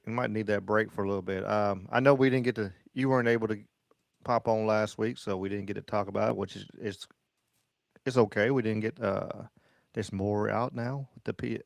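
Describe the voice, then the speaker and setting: A man's voice: on the low side, steady tone, normal speed, vocal fry, no echo, clean studio sound. A man hosting a podcast in loose, rambling casual chat. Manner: loose, rambling, many fillers. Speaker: podcast host.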